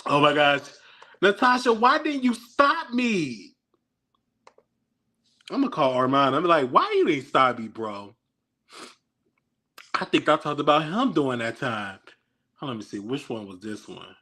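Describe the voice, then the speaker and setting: A man's voice: fairly high pitch, lively intonation, moderate pace, bright, forceful tone. A man hosting a casual reaction chat, stammering and flustered as he mocks himself. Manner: stammering, flustered, self-mocking. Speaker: show host.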